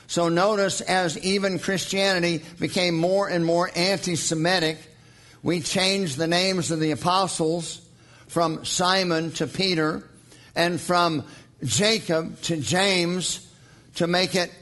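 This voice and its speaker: A man preaching a sermon in an earnest teaching tone, slowing down for emphasis and reading scripture aloud. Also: high-pitched, a bit bright.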